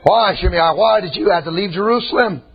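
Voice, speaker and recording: A man preaching a sermon with passion, his voice rising to shouts and dropping low again. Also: a little fast, husky, highs cut off, some chatter behind. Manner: impassioned, shouting, swinging between loud and quiet.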